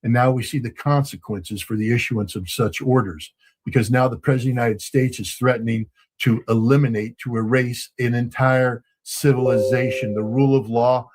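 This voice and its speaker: A man giving measured political commentary in a formal, grave, emphatic way, with some filler ums. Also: medium pitch, steady tone, darkish tone.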